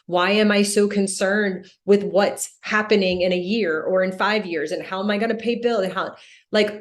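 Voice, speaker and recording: A woman in her forties, a death doula talking in a podcast interview, speaking earnestly and reflectively. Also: mid-range voice. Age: 40s. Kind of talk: candid podcast conversation.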